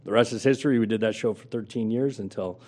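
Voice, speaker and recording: Man, lowish voice, middle-aged, lively storyteller, guest in an interview. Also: fast talker. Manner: animated storyteller, acts out quotes with big pitch jumps. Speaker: guest, former sports radio host.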